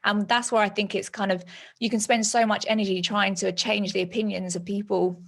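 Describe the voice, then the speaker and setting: A woman's voice: medium pitch, flat delivery, fairly quick, gravelly. A woman hosting her own podcast interview. She reacts with enthusiasm and affirms what her guest says, chatting casually between questions. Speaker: podcast host, business owner.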